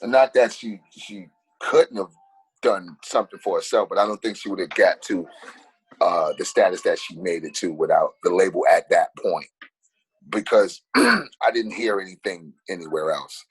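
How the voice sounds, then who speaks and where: A man's voice: deep voice, lively intonation, normal speed, husky, rough recording. A middle-aged man, a guest rapper, chatting casually on a podcast, laid-back and often laughing, with rambling restarts.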